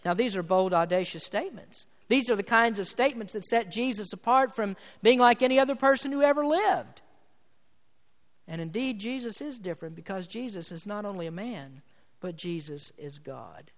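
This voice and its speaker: A man's voice: high-pitched, expressive, moderate pace. Emphatic male pastor in reverberant sanctuary. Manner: emphatic preaching, building to fervent climaxes. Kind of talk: sermon. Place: church sanctuary. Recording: long hall reverb from church sanctuary.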